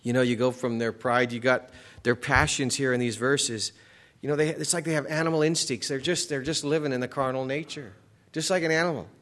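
A man's voice: mid-range voice, fairly even intonation, brisk, fairly bright tone. Conversational male preacher reading scripture. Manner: conversational, many restarts and "you know" asides; reads scripture aloud with rising emphasis. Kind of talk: expository sermon.

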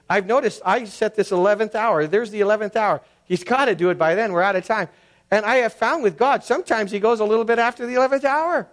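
A middle-aged pastor delivers a sermon in a conversational, storytelling manner, sometimes acting out quoted voices. His voice is high-pitched and a little fast.

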